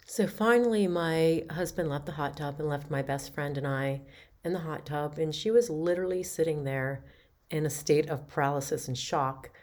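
A woman's voice: low-pitched, moderate pace, darkish tone. A woman hosting a podcast, animatedly telling a personal story and recounting conversations. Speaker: podcast host.

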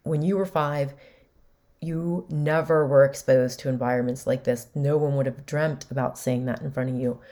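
A woman in her forties hosts a podcast and tells a personal family story. She speaks in a low voice, candid and emotional, and acts out what each person said. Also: steady tone, moderate pace, mellow. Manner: candid, emotional retelling with quoted dialogue. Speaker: podcast host.

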